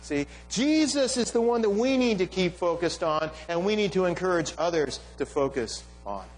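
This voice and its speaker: A man delivering a sermon in a high voice that swings widely up and down. He speaks emphatically but conversationally, checking in with his listeners as he goes. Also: moderate pace, poor audio. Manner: animated, emphatic, with frequent "right?" asides. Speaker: pastor.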